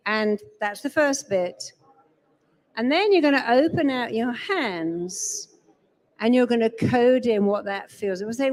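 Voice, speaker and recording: A woman's voice: fairly high pitch, unhurried, a little mellow. Emphatic woman speaker on stage. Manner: emphatic, acts out quoted voices. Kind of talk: live seminar talk. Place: large event hall.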